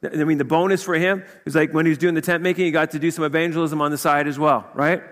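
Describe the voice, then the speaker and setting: A male pastor giving a conversational sermon, full of rhetorical questions and quick asides. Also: fairly high pitch, fairly even intonation, a bit bright. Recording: long hall reverb.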